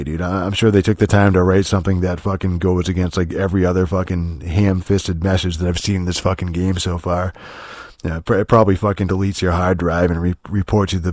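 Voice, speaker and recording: Low-voiced man ranting on a podcast. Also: darkish tone, no echo, clean studio sound. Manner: rambling, profane, full of restarts and filler words; sarcastic. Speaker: podcast host. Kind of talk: casual solo podcast rant.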